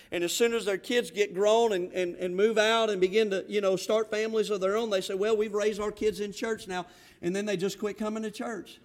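Southern man preaching, very high voice, fervent, stumbling restarts, building to loud urging. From Florida panhandle. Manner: fervent, repetitive restarts, rising to loud exhortation. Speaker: pastor. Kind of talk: sermon.

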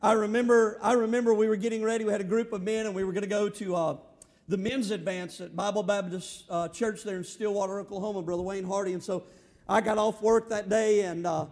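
A man's voice: high voice, fairly even intonation, fairly quick, a little mellow. A man with a Southern accent from the Florida panhandle, preaching a fervent sermon as a pastor, with many restarts and rising exhortations.

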